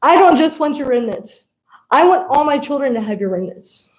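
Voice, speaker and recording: A woman's voice: high-pitched, expressive, moderate pace, roomy sound. A woman voicing a goddess wife who demands her share, in a storytelling talk. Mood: indignant. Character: pleading angry goddess wife, adult woman.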